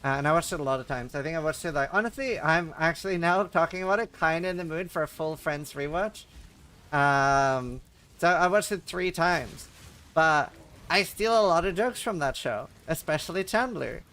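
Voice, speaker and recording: Chatty, profane male streamer, higher voice. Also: normal speed, fairly bright tone. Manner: rambling, profane, laughs at own stories. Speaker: livestream host. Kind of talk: casual storytelling chat.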